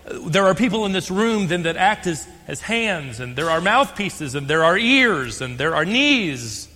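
An older American man preaching a sermon as pastor, stressing key words and slowing for emphasis. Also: sits high, sing-song, pushed and bright, in a large hall. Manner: emphatic, slows on key phrases.

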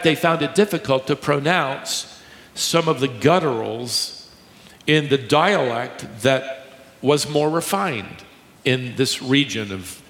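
A man preaching a sermon to a congregation, teaching emphatically, slowing down to stress key words and joking with the crowd. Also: medium pitch, fairly bright tone. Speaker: pastor. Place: large church hall with a live congregation. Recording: echoey hall, long reverb.

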